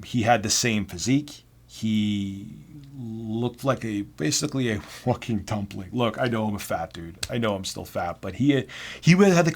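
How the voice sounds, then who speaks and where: A man telling personal work stories to camera in a casual, blunt, self-deprecating way. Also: on the low side. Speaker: vlogger. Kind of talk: casual storytelling.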